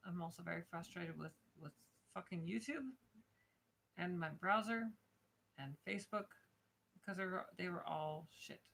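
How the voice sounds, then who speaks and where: A woman's voice: fairly low pitch, creaky, fairly bright tone, a little hiss or hum. A woman streaming live, grumbling in frustration and swearing in casual chat before reading a book aloud.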